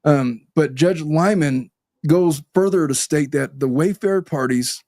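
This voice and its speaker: A man's voice: on the high side, a little slow, a little mellow, no echo, studio quality. Conversational man hosting a law podcast. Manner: conversational, repeats words as he starts. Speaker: podcast host. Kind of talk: podcast legal analysis.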